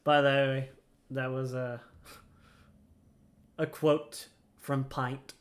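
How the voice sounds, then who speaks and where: A man's voice: medium pitch, level tone, very slow. A man casually commenting while playing a video game, jokey and playful, laughing often. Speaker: let's-play host.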